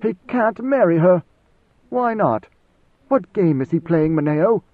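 Loud, sneering, angry soldier-commander, as a man reads him out, voice pushed up high and hard. It comes through a dry, tinny, phone-like band. The tone mocks and dares. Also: animated, unhurried, no room sound. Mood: defiant. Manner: loud, mocking and challenging. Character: angry defiant male guard commander.

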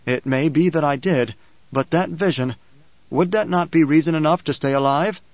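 A man's voice: on the high side, dry recording, natural voice. A man voicing a grave, haunted prophet. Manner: grave, slow, halting. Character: boy possessed by his dead father, grave. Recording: dry, slightly dull studio recording.

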